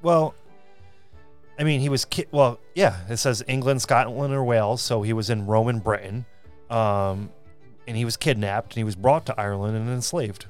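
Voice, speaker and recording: A man co-hosting a podcast, casually retelling history, relaxed and quick to joke. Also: mid-range voice, smooth, soft background music. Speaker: podcast co-host.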